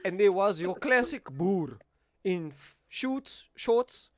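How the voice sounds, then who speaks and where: A young man with a South African accent, telling animated, laughing stories in casual chat on a stream. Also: high-pitched, slow pace, no room sound.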